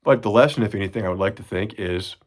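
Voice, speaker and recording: Earnest rambling Midwestern dad. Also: male voice, on the low side, fast. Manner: rambling, earnest, many restarts. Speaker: father recording a message to his kids. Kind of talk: casual spoken reflection.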